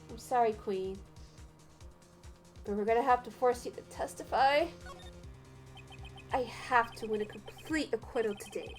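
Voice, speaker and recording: A woman's voice: on the high side, unhurried, pauses often, soft background music, lightly acted. A woman voicing a flustered young male defense lawyer, as part of a game voice reading. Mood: resolved. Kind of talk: let's play voice reading.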